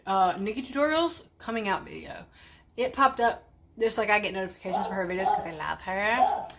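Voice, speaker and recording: A woman's voice: medium pitch, fairly quick, fairly bright tone. A woman vlogging in casual chat, blunt and chatty, swearing freely. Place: parked car.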